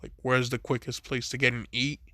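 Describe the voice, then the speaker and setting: A man voicing a calm, kind teenage boy who speaks casually and unbothered. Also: medium pitch, a little fast, no room sound, clean studio sound, lightly acted.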